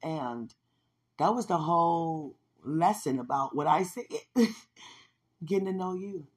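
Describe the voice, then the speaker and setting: A woman's voice: deep voice, lively intonation, unhurried, slightly rough. A woman hosting a podcast, talking about her faith in a fervent, emotional way and laughing often. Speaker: podcast host. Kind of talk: devotional personal talk.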